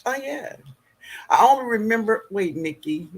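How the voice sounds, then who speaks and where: A middle-aged man hosts a live gardening stream with a husky, slightly raised voice. He talks slowly, with a lively rise and fall in his pitch. He laughs easily and greets his viewers by name as he reads the chat. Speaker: gardening show host reading live chat.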